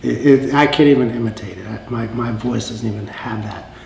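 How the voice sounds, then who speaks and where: A man reminiscing in a documentary interview, telling stories with restarts and fond pauses. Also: mid-range voice, gravelly. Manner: warm storytelling with restarts. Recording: echoey room with faint noise.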